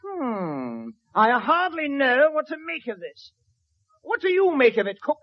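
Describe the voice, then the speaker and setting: A man's voice: very high-pitched, huge pitch swings, measured pace, pitched above the performer's own voice, exaggerated voice. A man playing a pompous blustering detective. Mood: puzzled. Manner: fussy, exclaiming, mock-British bluster. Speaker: comedian and show host. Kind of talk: 1940s radio comedy sketch. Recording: dull 1940s radio broadcast recording.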